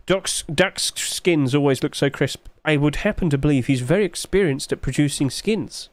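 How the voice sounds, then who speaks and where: A man's voice: on the high side, lively intonation, moderate pace, no room sound. Chatty male streamer. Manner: chatty, musing aloud, rhetorical questions. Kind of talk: casual livestream commentary.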